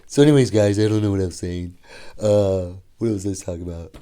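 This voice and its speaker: A male comedian hosting a casual solo podcast from a hotel room, talking in an excitable, animated way and swearing freely. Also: low voice, a little fast, clear, resonant tone. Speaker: stand-up comedian and podcast host.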